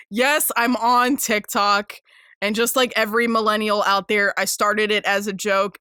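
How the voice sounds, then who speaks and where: A woman in her twenties talks through a casual solo podcast in a bright, forward voice. She gets worked up easily, swears freely and laughs often between fillers. The sound is close and dry, with no room around it. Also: mid-range voice, dry recording. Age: 20s. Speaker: podcast host.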